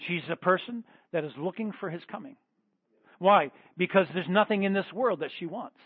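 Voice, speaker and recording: A male pastor preaching a sermon in a church service, leading the congregation into prayer with fervent, repeated calls that swing between loud bursts and hushed pleading. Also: high voice, moderate pace, breathy edge, no room sound, narrow, tinny audio. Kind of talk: sermon with altar-call prayer.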